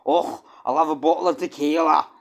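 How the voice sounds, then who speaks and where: A man putting on an exaggerated Scottish accent as a loud, boisterous Scottish man. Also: a little high, fairly even intonation, brisk, gravelly, voice pushed up. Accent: Scottish, put on.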